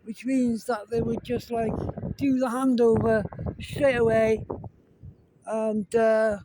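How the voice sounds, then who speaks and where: A man's voice: very high voice, flat delivery, slow. Rambling man filming outdoors. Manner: rambling, chatty, swears casually. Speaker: vlogger. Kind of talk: casual outdoor commentary. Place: outdoors in the wind. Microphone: phone, cupped by hand. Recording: windy phone recording with helicopter noise. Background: wind and helicopter rotor noise.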